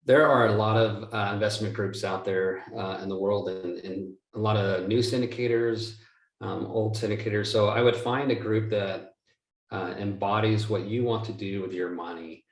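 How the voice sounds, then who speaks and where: A man's voice: fairly low pitch, steady tone, moderate pace. A man, a real estate investor guest, answering interview questions in a rambling, self-correcting, joking way. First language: not from the United States. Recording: roomy, distant mic.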